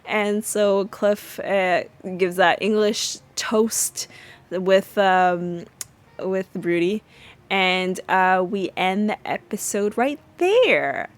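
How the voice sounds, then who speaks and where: A woman's voice: medium pitch, very slow. Chatty woman podcast host. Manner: chatty, many fillers and restarts, lively retelling. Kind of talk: casual episode recap.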